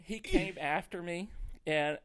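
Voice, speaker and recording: A man, a comedian, telling a story in casual chat, animated and laughing through it. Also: high voice, slow pace, crowd noise. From rural United States. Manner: animated, laughs through his own stories. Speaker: comedian guest.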